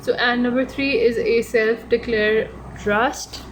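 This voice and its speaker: A woman's voice: a little high, fairly even intonation, takes it slowly, rough recording. A woman giving a casual online law lecture, talking in a chatty, digressive way, often correcting herself and adding joking asides. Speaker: law tutor. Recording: clear background noise.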